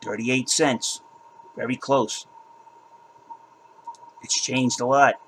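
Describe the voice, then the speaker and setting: A man's voice: medium pitch, fairly even intonation, takes it slowly, a bit bright, a little hiss or hum, low-quality recording. A man hosting his own crypto channel, ranting in a heated, casual way and often repeating and restarting his words. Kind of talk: heated casual rant to camera.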